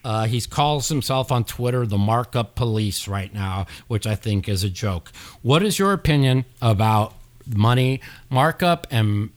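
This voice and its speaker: A man's voice: mid-range voice, animated, unhurried. A man with an ordinary mid-range voice hosts the show. He speaks frankly and casually, with a loose rhythm full of fillers. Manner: frank, talks with a lot of fillers. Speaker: host. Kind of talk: casual chat.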